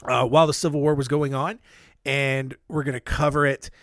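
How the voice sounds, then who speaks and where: A man's voice: medium pitch, flat delivery, moderate pace, dry recording, studio quality. A man hosting a casual history podcast, telling stories in a rambling way with self-deprecating asides, holding his own microphone. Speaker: podcast host. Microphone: handheld microphone.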